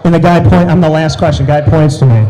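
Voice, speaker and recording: A man telling an animated story as an interview guest, with loud excited bursts. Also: on the high side, quick pace, rough recording.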